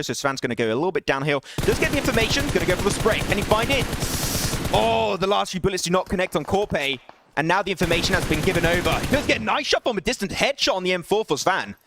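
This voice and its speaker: A young man calls a mobile battle royale match by himself on a live stream. He talks quickly and climbs into excited shouts at the big plays. His voice sits high. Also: background noise. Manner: excitable, rising to shouts at big plays, laughing apologies to chat. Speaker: esports caster. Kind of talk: solo live esports play-by-play.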